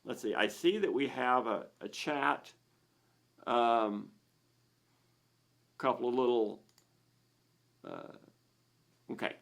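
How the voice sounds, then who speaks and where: A man's voice: medium pitch, slow, vocal fry, long pauses, a bit bright. A man hosting a live Q&A, explaining in a plain way with frequent restarts and repeated words. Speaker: host of a misophonia Q&A.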